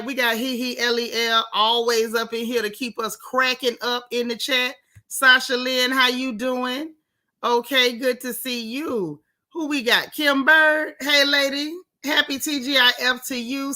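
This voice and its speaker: A woman hosting a casual livestream, warmly greeting chat viewers one by one by name. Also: high voice. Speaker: livestream host. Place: home in Texas.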